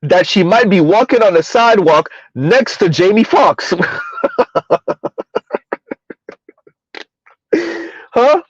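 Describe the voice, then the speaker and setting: This male commentary vlogger has a high-pitched, expressive voice and keeps a moderate pace with few pauses. He rambles through opinionated takes, tossing rhetorical questions at the audience and repeatedly saying "huh?", all captured in dull, dry, lo-fi sound.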